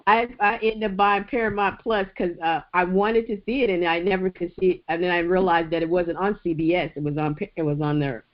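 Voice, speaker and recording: A woman hosting a podcast in a casual chat, chatty and laughing often, with halting restarts. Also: on the low side, steady tone. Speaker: podcast host. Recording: dull lo-fi sound.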